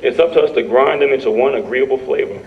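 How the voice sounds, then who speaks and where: A man's voice: mid-range voice, fast, lightly acted. An earnest biracial teenage boy from a comic strip, as a man reads him aloud. The voice stays close to an ordinary man's talking voice. It is heard from a distance, and the sound is dull.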